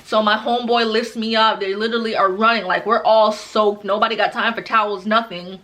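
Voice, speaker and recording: A young woman in her twenties tells a casual storytime, dramatic and animated, acting out what people said. Her voice is bright and forward, at a middle pitch for a woman. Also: brisk. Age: 20s. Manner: dramatic, animated, acts out quotes. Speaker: vlogger.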